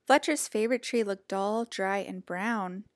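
A woman reading a children's picture book aloud in a gentle, expressive storytelling voice. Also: medium pitch, a little slow, dry recording, studio quality.

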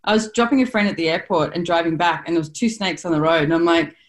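A woman's voice: lowish voice, quick pace. An Australian woman hosting a podcast, chatting casually and telling stories with acted-out quotes. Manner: animated storyteller, laughs often, acts out quotes. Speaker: podcast host. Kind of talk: casual conversational interview.

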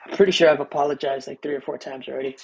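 A man's voice: mid-range voice, fairly even intonation, very fast, vocal fry, slight background noise. A young man hosting a solo podcast, rambling in a laid-back way with many restarts and fillers. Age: young adult. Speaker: podcast host. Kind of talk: casual solo podcast monologue.

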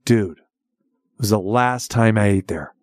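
A middle-aged man tells a long story in casual conversation, speaking slowly in a fairly low voice. He's animated, restarts his sentences often, and acts out other people's lines in a raised voice. The recording is clean studio quality with no echo.

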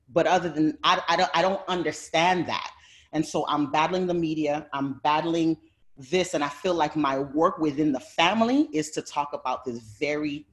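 A woman guest on a video call, telling family stories in a heated, fiery way and swearing often. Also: low-pitched. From Haitian heritage. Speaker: panel guest. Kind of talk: heated personal testimony.

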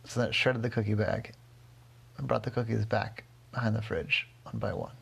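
A man telling his daughter an improvised bedtime story, gentle and rambling, often correcting himself. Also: fairly low pitch, moderate pace, gravelly, slightly rough.

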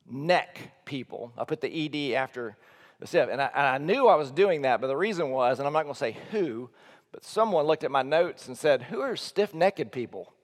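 A man, a teaching pastor, preaching an earnest, emphatic sermon that swings between soft low lines and loud high ones. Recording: long hall reverb.

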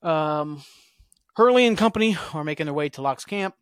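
Man, podcast host, rambling recap, somewhat high voice, dry close sound. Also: lively intonation, normal speed, clear, resonant tone, dry recording. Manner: rambling, complains and paraphrases scenes loosely. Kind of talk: casual TV recap.

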